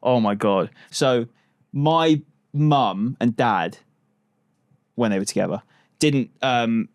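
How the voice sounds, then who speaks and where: A man's voice: mid-range voice, slow pace, dry recording, studio quality. A man hosting a podcast in casual chat, chatty, laughing often and swearing casually. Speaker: podcast host.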